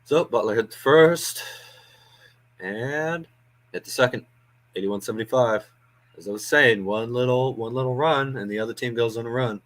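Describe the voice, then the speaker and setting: A man hosting a fan watch-along stream, giving casual live play-by-play with chatty asides, frequent ums and uhs. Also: mid-range voice.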